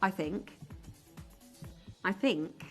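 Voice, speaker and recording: A woman's voice: medium pitch, extremely slow, soft background music. A woman presenting live on a shopping channel, chatty and enthusiastic as she banters with colleagues off camera. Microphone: studio mic.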